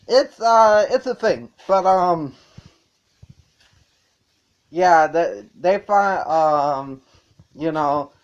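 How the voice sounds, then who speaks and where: A man's voice: on the high side, highs cut off. A man reviewing a movie in a casual, rambling way, swearing and chuckling as he goes.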